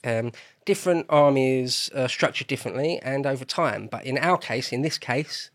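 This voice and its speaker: A man's voice: mid-range voice, moderate pace. A man hosting a casual podcast conversation, talking in a loose, rambling way and often correcting himself. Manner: chatty, rambling, self-correcting. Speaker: podcast host. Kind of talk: casual chat.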